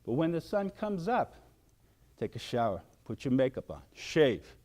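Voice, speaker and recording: An older man giving a motivational wellness talk, animated and acting out shouted outbursts. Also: medium pitch, unhurried. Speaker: wellness speaker.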